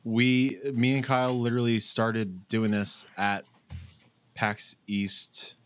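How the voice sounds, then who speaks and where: Lowish-voiced man in heartfelt rambling chat. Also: fairly even intonation, slow, smooth, faint music behind. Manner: heartfelt, rambling, swears freely. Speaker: podcast co-host. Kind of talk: casual chat.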